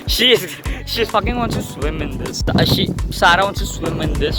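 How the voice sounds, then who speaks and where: A young man with an Indian English accent, vlogging outdoors while riding a bicycle through flooded streets, excitable and swearing a lot. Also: sits high, normal speed, few pauses, over loud music. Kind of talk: casual vlog commentary.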